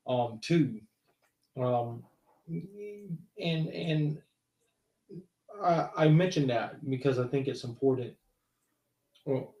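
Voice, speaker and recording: A man's voice: medium pitch, dark tone. A man hosting a podcast, a counselor, talking in a thoughtful, hesitant way with many fillers and restarts. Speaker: host. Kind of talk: casual podcast chat. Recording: roomy echo.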